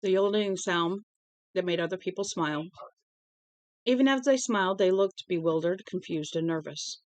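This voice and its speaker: A woman's voice: fairly low pitch, expressive, moderate pace, no room sound. A woman casually reading a novel aloud at home, now and then stumbling over words and correcting herself. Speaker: storybook reader.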